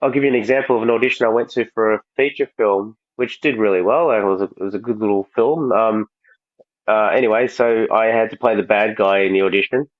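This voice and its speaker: A man, an actor-director telling animated stories with plenty of swearing in a casual roundtable chat. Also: fairly low pitch, fast talker, no room sound, lo-fi sound. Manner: animated storyteller, swears freely.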